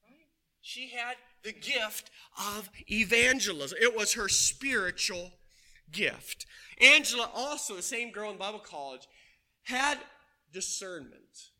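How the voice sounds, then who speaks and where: A man preaching a sermon to his congregation, telling stories in an animated way and asking them questions. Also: sits high, slow. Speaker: pastor. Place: church.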